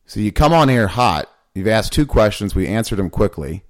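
Pushy low-voiced male podcast host. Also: very animated, moderate pace. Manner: insistent, pressing questions repeatedly. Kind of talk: casual podcast talk.

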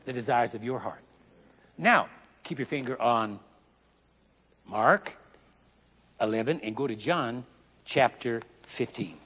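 A male preacher delivering a sermon, with dramatic, drawn-out emphasis and joking asides. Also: medium pitch, a bit bright, husky, long reverb tail.

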